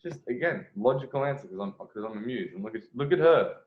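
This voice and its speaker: A man's voice: medium pitch, animated, quick pace, phone-quality sound. Blunt man coaching in an echoey room. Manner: blunt, profane, restarts phrases often. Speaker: dating coach commentating on a video. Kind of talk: casual video commentary.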